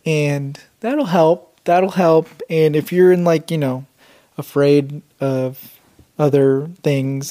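A young man co-hosting a casual couple's podcast, speaking in a measured, hesitant way with many pauses. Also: a little high, dark tone. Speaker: podcast co-host.

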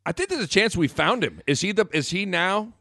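A man's voice: high-pitched, sing-song, fairly quick, pushed and bright. A man co-hosting a sports podcast, reacting to clips with laughter and amazement. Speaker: podcast co-host. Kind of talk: casual chat.

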